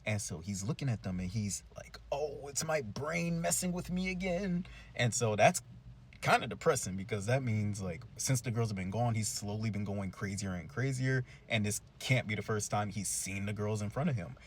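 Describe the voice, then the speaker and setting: A young man casually recapping a cartoon episode in a chatty, slangy, animated way. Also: fairly low pitch, a little fast, hardly any pauses, husky. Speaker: cartoon reviewer.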